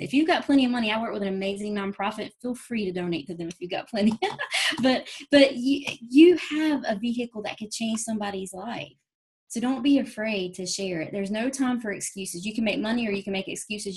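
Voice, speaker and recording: A woman speaks on a team call. She gives a folksy, earnest pep talk, moving quickly from point to point. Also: medium pitch, darkish tone. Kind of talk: motivational talk. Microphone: phone or call audio.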